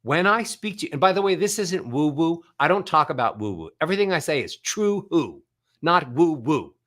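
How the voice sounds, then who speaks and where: Lively, expressive man giving a talk. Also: fairly high pitch, moderate pace. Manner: animated, demonstrates vocal sounds as he explains. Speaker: vocal coach giving a book tour talk. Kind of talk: live motivational talk.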